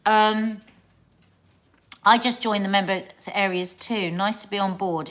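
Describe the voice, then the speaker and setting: Chatty woman, middle-aged, stream host; loose, rambling talk with drawn-out singsong greetings. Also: mid-range voice, fairly even intonation, a bit bright. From England. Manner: chatty, sing-song greetings to viewers. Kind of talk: casual live-stream chat.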